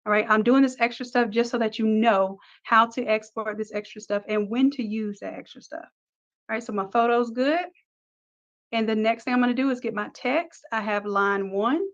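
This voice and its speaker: A woman leads a screen-recorded design lesson, talking through every click in an upbeat, practical way. Her voice sits a little high. The recording sounds dull and lo-fi. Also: moderate pace. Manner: upbeat, talks through each click step by step. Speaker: design instructor. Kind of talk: screen-recorded software tutorial.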